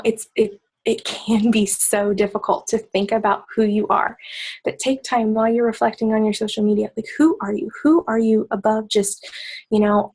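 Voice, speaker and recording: A woman coaching her team on a call, talking softly and low so as not to wake her child. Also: breathy edge, low-quality recording.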